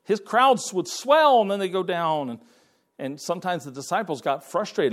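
A man's voice: sits high, expressive, normal speed, a bit bright. A man preaching a sermon in a folksy way, repeating his words and quoting scripture in King James wording. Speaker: pastor.

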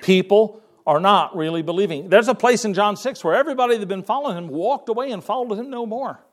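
Male pastor, fairly high voice, folksy sermon delivery, repeats himself, reads old-style scripture. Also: fast talker. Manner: folksy, repeats words, quotes scripture in King James wording.

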